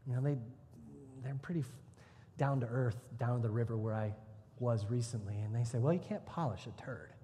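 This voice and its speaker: A man preaching a conversational sermon as pastor, lively and acting out quoted voices. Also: medium pitch, fairly quick, long reverb tail, slight background noise.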